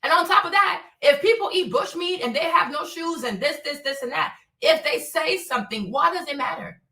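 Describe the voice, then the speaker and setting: This livestream host, a woman from Africa, rants her opinions bluntly and profanely, asking lots of rhetorical questions. Her high-pitched, sing-song voice is fairly quick, bright, and forceful. An echoing room and a distant microphone shape the sound.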